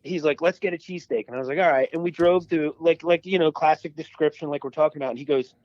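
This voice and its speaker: A man with a fairly high voice chats loosely on a podcast, telling stories and swearing here and there. The sound is dry and a bit dull, recorded close. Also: quick pace, no echo. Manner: swearing, storytelling. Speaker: podcast co-host. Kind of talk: casual chat.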